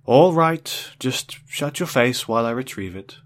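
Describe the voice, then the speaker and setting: A man voicing a dry, sardonic male AI assistant on a space station, speaking in a deadpan, patient way. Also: mid-range voice, unhurried, pitched above the performer's own voice, lightly acted. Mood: exasperated.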